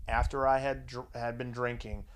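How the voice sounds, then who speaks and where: A man's voice: mid-range voice, little pitch movement, moderate pace, a little hiss or hum. Crude, laughing male storyteller. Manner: crude, laughing anecdotes with quoted dialogue. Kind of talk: casual storytelling chat.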